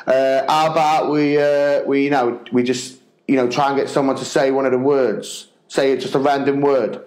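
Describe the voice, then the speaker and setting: A man's voice: mid-range voice, flat delivery, moderate pace, a little mellow, roomy sound, low-quality recording. A man co-hosting a podcast, telling a school anecdote casually and laughing often as he goes. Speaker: podcast co-host and teacher. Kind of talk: casual storytelling.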